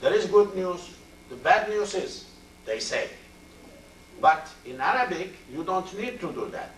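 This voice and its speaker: A man's voice: high voice, lively intonation. Older man, mosque classroom lecture, distant and roomy video recording, faint background hiss. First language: Turkish. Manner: slow, halting explanation, repeating Arabic word forms. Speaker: Quran and Arabic teacher.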